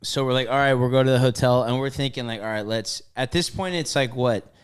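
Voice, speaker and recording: A man's voice: mid-range voice, fairly quick, clean tone. A young man co-hosting a casual podcast, chiming in with jokes and laughter before taking over the story. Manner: chimes in with jokes and laughs, then picks up the story. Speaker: podcast co-host. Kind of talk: casual chat.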